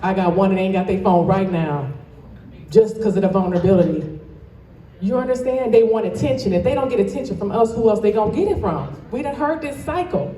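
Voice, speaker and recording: A woman's voice: medium pitch, animated, a little fast, warm tone. A woman from Toledo, Ohio, giving a passionate, emphatic motivational speech as a guest speaker and addressing the crowd directly. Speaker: guest speaker and dance studio owner. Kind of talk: motivational speech to a live audience. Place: event hall, indoors. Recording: echoey hall from far off.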